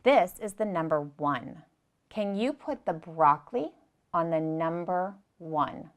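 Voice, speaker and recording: Woman, young adult, preschool teacher, gentle and patient, slow clear lesson, lowish voice. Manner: gentle, patient, speaks to small children and repeats instructions.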